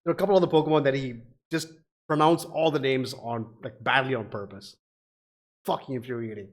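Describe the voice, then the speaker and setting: A man's voice: medium pitch, quick pace. A man hosting a reaction video, talking casually with lots of fillers and the odd curse. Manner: rambling, swears casually, frequent fillers.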